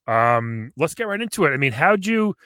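A man hosting a comedy podcast, excitable and joking, laughing often, on a close mic. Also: on the high side, normal speed, dry recording. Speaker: podcast host.

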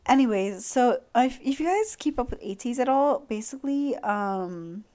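A young woman hosting a podcast, chatting casually in a gushing, excitable way with lots of fillers. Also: on the high side, moderate pace. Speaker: podcast host. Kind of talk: casual chat.

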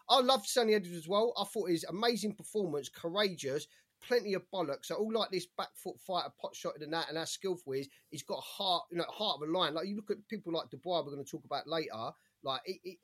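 A man co-hosting a boxing podcast in casual chat, blunt, excitable and swearing. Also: sits high, fast. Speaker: podcast co-host.

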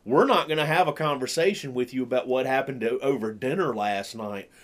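A man's voice: medium pitch, a little fast. A man talking in a casual chat, joking and teasing, laughing often. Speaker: podcast co-host.

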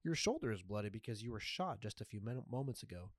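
A man voicing a calm, cryptic male jaguar spirit who speaks slowly and softly in a storybook reading. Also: lowish voice, dry recording, clean studio sound. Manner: slow, deliberate and soft-spoken.

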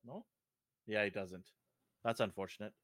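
A man's voice: fairly low pitch, normal speed, no room sound. A middle-aged man from Fiji co-hosting a podcast, chatting casually and acting out the people in his stories. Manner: animated storyteller, acts out dialogue. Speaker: podcast co-host. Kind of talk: casual chat.

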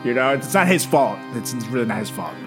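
A man's voice: mid-range voice, animated, brisk, over music. A man co-hosting a podcast, chatting casually and spinning crude, absurd jokes. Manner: jokey, crude, spins absurd tall tales. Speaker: podcast co-host. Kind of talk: casual comedic chat. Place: home, over a podcast setup.

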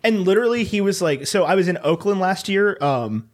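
A young man with a high voice chats casually on a podcast, rambling loosely from one story to the next. He is from Virginia and keeps his tone relaxed. He sometimes slips into quick impressions of other people. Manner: laid-back, rambling storyteller, mimics others. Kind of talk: casual chat.

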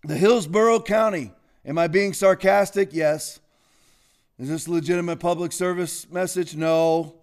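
A man with a notably high voice delivers opinionated commentary as a show host. He is sarcastic and fiery, breaking into sudden loud outbursts between stretches of mocking asides. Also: fairly even intonation, moderate pace, clear, resonant tone.

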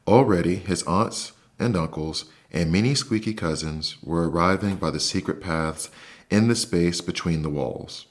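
A man hosting a bedtime story podcast, reading a children's book aloud in a soft, slow, soothing way. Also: deep voice. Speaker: podcast host and narrator. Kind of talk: calm bedtime story narration.

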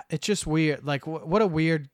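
Smooth-voiced man, halting podcast chat. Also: fairly high pitch, no echo, clean studio sound. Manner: hesitant, many ums and restarts. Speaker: podcast co-host. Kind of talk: casual movie discussion.

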